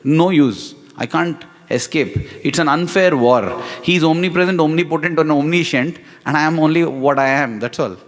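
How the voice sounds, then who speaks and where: A man's voice: a little high, normal speed, hardly any pauses. A man, a guest speaker at a spiritual retreat, telling a self-mocking story and acting out what people said. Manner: animated, self-mocking, acts out quoted voices. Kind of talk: humorous storytelling talk. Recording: hall reverb.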